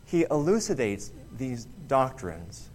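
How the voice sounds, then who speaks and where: A man delivers a sermon in an earnest, emphatic manner, with a voice of ordinary middle pitch. He often pauses and restarts, leaning hard on key words. A faint hiss sits under the recording. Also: big pitch swings, a little mellow. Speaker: preacher.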